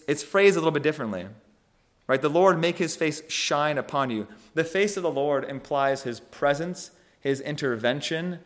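A man giving a conversational sermon on a scripture passage, thoughtful and halting, often restarting phrases and checking in with "right?". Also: medium pitch. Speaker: preacher.

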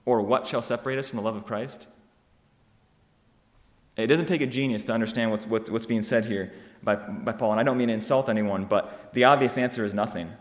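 A man preaching a sermon, emphatic and driving his points home with rhetorical questions that build to loud peaks. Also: lowish voice, fairly quick. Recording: long reverb of a hall.

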